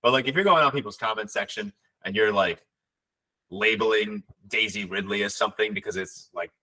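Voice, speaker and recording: A man's voice: fairly low pitch, a little fast, sharp tone, low-quality recording. A man co-hosting a podcast, chatting in an easygoing, agreeable way. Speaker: podcast co-host. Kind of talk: casual podcast chat.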